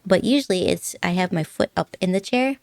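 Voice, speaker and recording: A woman's voice: fairly low pitch, a little fast, no echo, clean studio sound. A young woman streaming from home at a desk mic, chatting casually with viewers in a giggly, rambling way and sounding a little nervous. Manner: giggly, chatty, rambling, puts on silly accents. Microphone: desk microphone.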